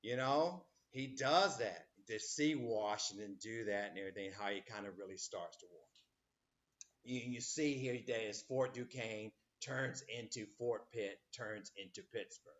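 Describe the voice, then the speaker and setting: A man's voice: on the low side, measured pace, muffled recording. A man teaching a history class, rambling with many fillers and acting out quotes as he lectures.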